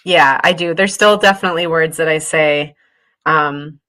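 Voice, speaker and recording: A woman's voice: deep voice, normal speed, fairly bright tone. A woman born in England, a college soccer coach, answering interview questions in a thoughtful, hesitant way with easy laughs.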